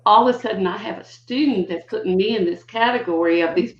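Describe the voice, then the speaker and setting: Older woman, educator, animated storytelling, mid pitch, roomy, dull lo-fi sound. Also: fast talker. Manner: animated, acts out quotes with big pitch jumps. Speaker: guest educator. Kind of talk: conversational storytelling. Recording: dull lo-fi audio in a roomy space.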